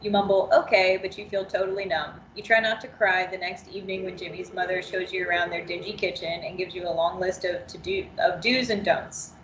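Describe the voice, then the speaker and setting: A woman trainer reading an interactive story aloud in the second person, steady and unhurried. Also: on the low side, echoey room, lo-fi sound, noisy background.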